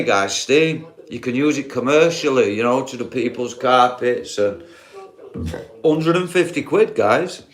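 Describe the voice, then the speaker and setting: A man with a broad Yorkshire accent, chatting casually on a live stream, rambling, swearing freely and often asking viewers if he's wrong. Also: medium pitch. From Yorkshire, England. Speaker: livestreamer.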